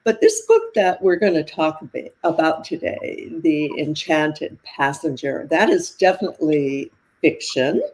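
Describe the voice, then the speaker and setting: A woman's voice: sits low, measured pace, a little mellow. An older woman hosts a podcast interview in a bubbly, chatty way. She laughs often between her questions and keeps the guest talking. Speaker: podcast host.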